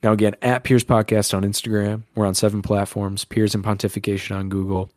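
A man with a fairly low voice co-hosts a podcast in loose, rambling banter. He jokes crudely and drifts between tangents. The sound is close and dry. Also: little pitch movement, brisk, darkish tone, dry recording. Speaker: podcast co-host.

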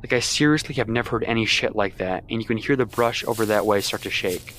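Low-voiced young man telling a horror story. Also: fast talker, a bit bright, a little hiss or hum. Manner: casual and heavily profane. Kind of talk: first-person horror story narration.

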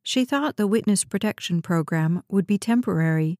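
Female audiobook narrator, steady even read, warm dark tone, dry studio sound. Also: medium pitch, normal speed, no room sound. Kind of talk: scripted narration.

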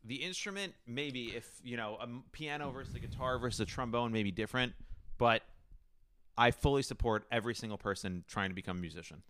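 A man's voice: mid-range voice, fast talker, fairly bright tone. A man in casual chat, speaking earnestly and stumbling over his words.

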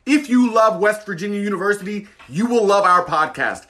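Guy with a high bright voice doing a quick hype promo for his podcast. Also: expressive. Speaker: podcast host. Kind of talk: punchy podcast promo read.

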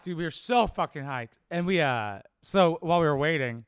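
Rambling, cursing young comedian. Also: male voice, fairly high pitch, lively intonation, moderate pace, clear, resonant tone, no room sound, studio quality. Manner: rambling, profane, laid-back. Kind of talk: casual solo monologue.

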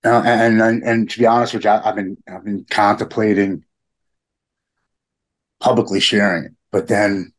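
A middle-aged man talking earnestly in a podcast conversation, halting and repeating his words. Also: lowish voice, fairly even intonation.

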